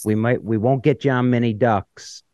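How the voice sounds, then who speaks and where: A man hosting a podcast, asking questions in a relaxed, friendly way. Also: medium pitch, normal speed, dry recording. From Ontario, Canada. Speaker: podcast host. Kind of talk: casual podcast interviewing.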